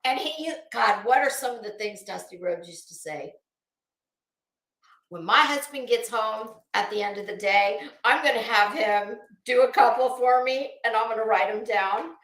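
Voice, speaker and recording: A woman's voice: a little high, moderate pace, fairly bright tone, reverberant. A woman hosting a casual live stream, greeting viewers by name and swearing freely. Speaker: livestream host.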